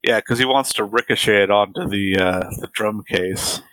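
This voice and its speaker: A man co-hosting a podcast in casual chat, chiming in with short remarks and quick agreement. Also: lowish voice, no room sound, low-quality recording. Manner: relaxed, chimes in with short agreeing remarks and laughs. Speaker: podcast co-host.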